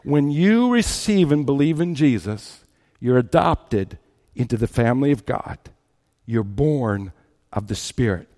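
A man's voice: medium pitch, animated, measured pace, darkish tone. A man preaching a sermon at a church service, reading scripture and then pressing his point with repeated rhetorical questions. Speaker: pastor. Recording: long hall reverb.

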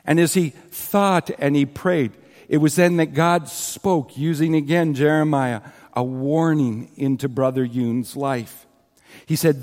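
A man's voice: a little high, normal speed, darkish tone. Man preaching a story in an echoing hall. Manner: earnest, retells a story with quoted scripture; asides to the congregation. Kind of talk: sermon storytelling. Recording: long hall reverb.

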